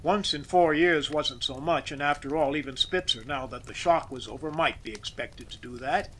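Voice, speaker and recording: A man narrating a classic story as an audiobook reader, expressive and measured. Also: a little high, a little hiss or hum, poor audio.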